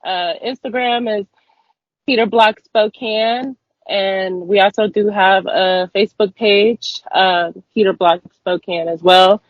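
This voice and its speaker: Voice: mid-range voice, steady tone, slow, no echo, dull audio. A guest in a remote interview, talking in a heartfelt, rambling way with casual slang. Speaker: guest, mutual aid organizer.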